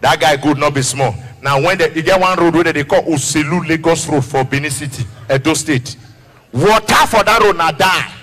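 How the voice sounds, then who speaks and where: A man with a Nigerian accent doing animated stand-up comedy, shouting and singing as he acts out people. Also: on the high side, moderate pace, long reverb tail. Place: large live comedy venue. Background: loud crowd and music.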